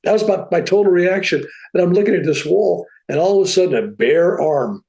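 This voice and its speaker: A man, a podcast guest, telling a personal story in a casual, animated, plain-spoken way. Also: sits high, brisk, gravelly, low-quality recording.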